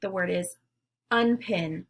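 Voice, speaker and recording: Slow, husky teacher leading phonics drills. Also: female voice, lowish voice. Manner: slow, clear, leading call-and-response drills. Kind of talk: phonics lesson for young children.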